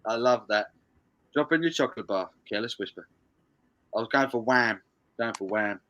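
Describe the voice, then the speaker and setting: The highs are cut off on this recording of a man with a sharp, medium-pitched voice speaking at normal speed. He hosts a live stream charity music quiz, reading out viewers' answers, bantering, swearing frequently, and laughing.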